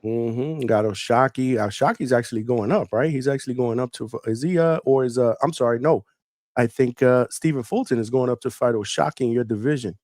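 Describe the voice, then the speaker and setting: A man hosting a live call-in show, upbeat, laughing easily and quick with short affirmations. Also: medium pitch, darkish tone, dry recording, studio quality. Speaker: host.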